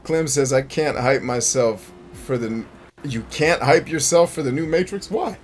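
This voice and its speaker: A man's voice: mid-range voice, moderate pace, a little hiss or hum. A man hosting a gameplay stream, joking, rambling and talking to his chat. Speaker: gaming streamer host. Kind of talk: casual gameplay commentary.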